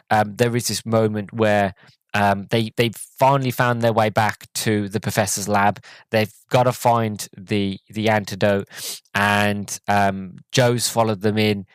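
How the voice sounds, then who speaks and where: A man's voice: fairly low pitch, no room sound. A man hosting a podcast, giving an enthusiastic casual movie review full of restarts and fillers. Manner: rambling, many restarts and fillers. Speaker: podcast host.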